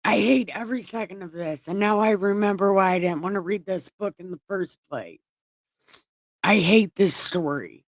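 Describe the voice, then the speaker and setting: A woman's voice: mid-range voice, moderate pace, no room sound. A woman reading scripture aloud and breaking off into irreverent, profane, sarcastic commentary. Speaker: online Bible reader and commentator.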